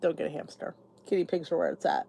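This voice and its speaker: A woman's voice: low-pitched, huge pitch swings, quick pace, gravelly, heavy background noise. A woman hosting her own channel, chatting casually with viewers and answering their comments. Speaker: YouTube channel host. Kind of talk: casual live chat with viewers.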